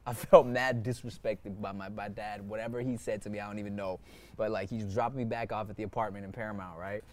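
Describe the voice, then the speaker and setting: A man's voice: fairly low pitch, a little fast, a little hiss or hum. A man hosting a casual podcast, telling a childhood story and laughing as he goes. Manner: relaxed storyteller, laughs mid-sentence, acts out quotes. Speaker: podcast host.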